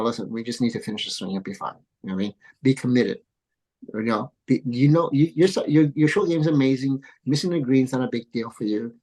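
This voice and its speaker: Over a rough recording, a golf coach in middle age speaks in a mid-range voice during a podcast interview. He arrived in the U.S. as a child and is the father of a pro golfer, and his storytelling is energetic, full of laughter and impressions of the people he quotes.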